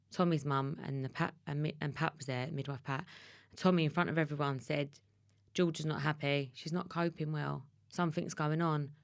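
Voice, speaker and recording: There's vocal fry in this woman's low-pitched voice as she, a podcast guest in her thirties with an Essex accent, recounts a personal story in an emotional rush, restarting as she goes. The candid interview sounds studio quality, with no room sound at all.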